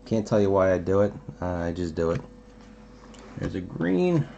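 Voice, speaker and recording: A man's voice: sits low, sing-song, normal speed, vocal fry, dark tone, highs cut off, a little hiss or hum. A man hosting a trading card box break, chatting casually and musing aloud as he opens packs. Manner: chatty, musing asides while opening packs.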